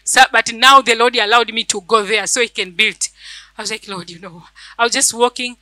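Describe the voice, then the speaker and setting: A woman's voice: fairly high pitch, steady tone, brisk, sharp tone, no echo, rough recording. A woman church elder, preaching a fervent sermon and telling a personal testimony, repeating phrases for emphasis.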